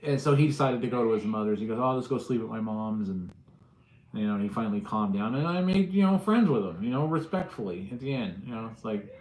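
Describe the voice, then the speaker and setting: In an echoey room, a livestream host with a lowish voice talks fast while telling casual stories. He's an animated storyteller who acts out other people's quotes.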